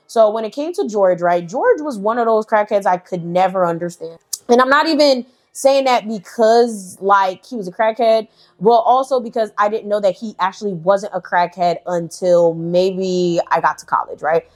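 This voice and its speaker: A woman's voice: medium pitch, normal speed. A young woman telling a casual storytime, candid and profane, full of "like" and "right". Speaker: storytelling vlogger.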